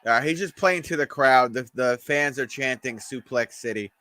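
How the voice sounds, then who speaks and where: Bright-voiced wisecracking male streamer. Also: mid-range voice, normal speed, no room sound. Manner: offhand, wisecracking, talks to chat viewers. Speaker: watch-along streamer. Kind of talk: live watch-along commentary.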